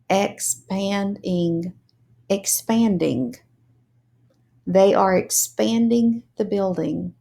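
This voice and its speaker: Slow, deliberate woman reading teacher. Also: mid-range voice, a little mellow. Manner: spells words letter by letter and sounds out syllables.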